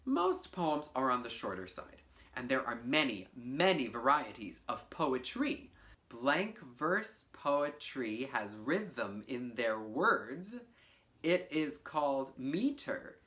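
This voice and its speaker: A low-voiced woman leads a children's poetry lesson, her pitch swinging up and down with playful energy. She takes her time, speaking slowly and encouragingly straight to the kids at home. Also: very animated, a bit bright. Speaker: teaching artist. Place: home video for a virtual class.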